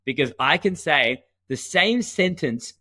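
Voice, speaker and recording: A man co-hosting a podcast, talking in an energetic, emphatic teaching tone. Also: on the high side, unhurried. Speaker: podcast co-host. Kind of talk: conversational podcast talk.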